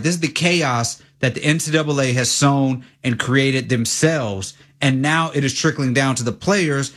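A young man co-hosting sports radio, talking in a rambling, animated way with many fillers and restarts. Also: on the high side. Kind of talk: casual sports talk.

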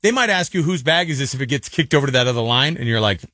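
Fast-talking bright man with music behind. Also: medium pitch, big pitch swings, no room sound, studio quality. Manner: quick, joking, full of fillers. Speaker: co-host. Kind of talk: casual chat.

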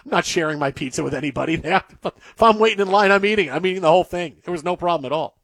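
Guy host riffing on sports, high voice, dry sound, keeps repeating himself. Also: quick pace, no echo. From Detroit area. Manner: animated, rambling, repeats himself. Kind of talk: casual banter.

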